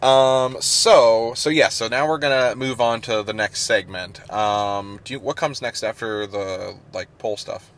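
A podcast co-host chats casually, rambling with plenty of fillers and laughter. His medium-pitched voice is a bit bright, moving at a measured pace with few pauses.

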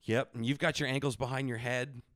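A man co-hosting a casual comedy podcast, trading crude jokes in a deadpan way. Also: mid-range voice, brisk, no echo, clean studio sound. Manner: deadpan, crude jokes, puts on silly voices. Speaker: podcast co-host.

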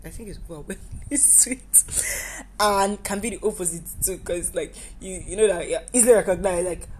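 A woman's voice: fairly low pitch, a little mellow, a little hiss or hum. A woman from Nigeria, hosting a casual personal podcast monologue in a goofy, rambling way that keeps correcting itself. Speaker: podcast host.

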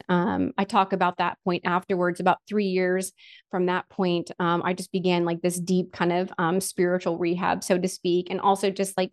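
Slightly low-voiced woman telling a personal story. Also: a little mellow. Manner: chatty storytelling with frequent "like" and "um" fillers; earnest and emotional, with self-deprecating humor. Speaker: guest sharing a personal faith story. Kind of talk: candid personal testimony.

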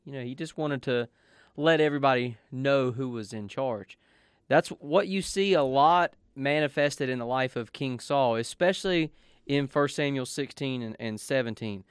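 A man's voice: medium pitch, normal speed, smooth, no echo, clean studio sound. A man leading a devotional, explaining a passage in an earnest, conversational way. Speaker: devotional teacher. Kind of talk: radio devotional teaching.

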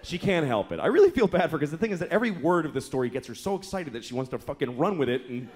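Speaking very fast and in a very animated way, a man with a high-leaning, slightly mellow voice performs stand-up before a laughing comedy club crowd. His set is made of profane, exasperated stories, with other people acted out in mock voices. The live club recording has crowd laughter and slight background noise.

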